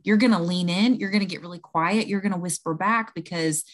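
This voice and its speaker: A woman in her thirties speaks earnestly as a guest coach on a podcast. Her voice sits fairly low. She often acts out quoted lines to show her point. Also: brisk, few pauses. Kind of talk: podcast interview, explaining.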